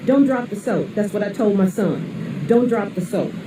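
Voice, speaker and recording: A woman's voice: mid-range voice, normal speed. A mother from the St. Louis area delivering an angry, profane rant, scolding and blunt. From St. Louis area, USA. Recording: echoey, distant, noisy.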